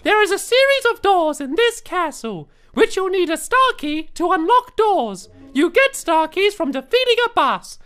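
A woman voicing a cheerful male mushroom helper in a high, squeaky cartoonish voice, reading game instructions aloud. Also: sing-song, normal speed, hardly any pauses, fairly bright tone, faint music behind, exaggerated voice. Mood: chirpy.

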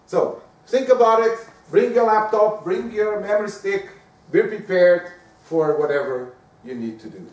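A man gives a chatty lecture and keeps checking in with the room. His voice sits fairly high. He is picked up from across an echoey lecture room. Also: a little slow, distant mic. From Portugal. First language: Portuguese. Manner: lively, conversational, often asks the room "right?". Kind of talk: lecture on giving presentations.

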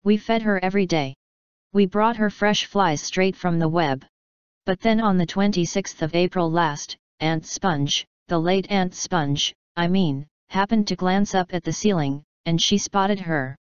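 Brief: woman doing a prim, mournful storybook spider lady, crisp and smooth. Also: on the low side, measured pace, dry recording, dull audio, close to an everyday voice. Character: fussy, genteel female spider, adult.

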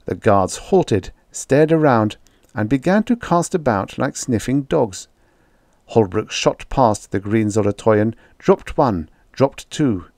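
A man reads a science fiction story aloud as an audiobook narrator, in a low-pitched voice. His delivery is steady and dramatic, scripted narration paced for tension. The sound is dry and close to the mic. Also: no room sound.

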